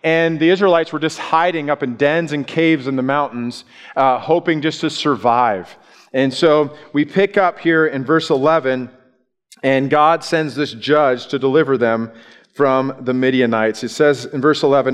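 A male preacher delivering a sermon, telling the story with animated acted-out voices. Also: mid-range voice, normal speed, clean tone. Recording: long reverb in a large hall.

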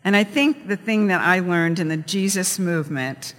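Brief: male pastor, bit high-voiced, lively storyteller, long room reverb. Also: moderate pace. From California. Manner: chatty, storytelling, animated. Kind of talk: sermon with a joke opener.

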